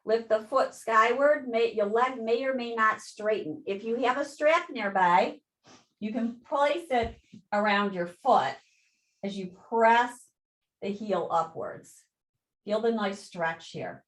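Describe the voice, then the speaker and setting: Slow-paced woman guiding a yoga class. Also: on the high side. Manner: calm step-by-step cues, counting breaths. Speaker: yoga instructor. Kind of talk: guided yoga class instruction. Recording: echoey room.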